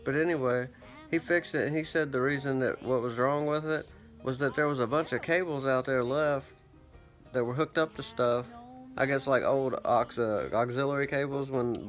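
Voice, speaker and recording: A man rambling through a profane, self-mocking story in a casual monologue, his throat parched. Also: medium pitch. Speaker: vlogger.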